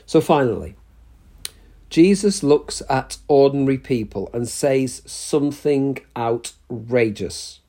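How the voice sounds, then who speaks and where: A man preaching a sermon in a church, measured and emphatic, with pauses between short phrases. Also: mid-range voice, animated, mellow.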